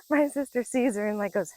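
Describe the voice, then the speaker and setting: A woman's voice: high voice, darkish tone, dry recording, low-quality recording. A woman in her forties telling casual stories while out on a walk, chatty and laughing often. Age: 40s. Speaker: vlogger. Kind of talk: casual storytelling. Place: outdoors on a nature walk.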